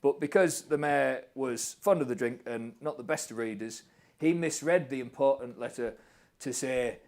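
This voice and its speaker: A man co-hosting a comic show, telling a tall tale in a mock-solemn, deadpan way with drawn-out punchlines. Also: mid-range voice, creaky. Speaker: co-host of a comic online show.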